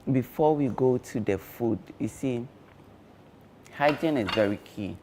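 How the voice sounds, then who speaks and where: A man speaking as a guest on a breakfast show, explaining care tips slowly and with many fillers. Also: medium pitch, a little mellow, slight background noise. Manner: slow, measured explaining with frequent fillers. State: talking with cloves in his mouth. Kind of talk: explanatory studio talk.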